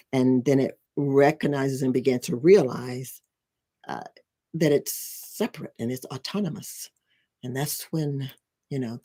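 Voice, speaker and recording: With a mid-range, somewhat dark voice, a spiritual and life coach lays out ideas in casual teaching talk. The style rambles, with frequent restarts and tag questions.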